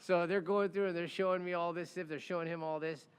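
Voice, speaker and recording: A man hosting a casual chat, telling stories in an animated way. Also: high voice, fast talker, clean tone, long reverb tail. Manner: animated, acts out quoted voices. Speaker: podcast host, defense lawyer.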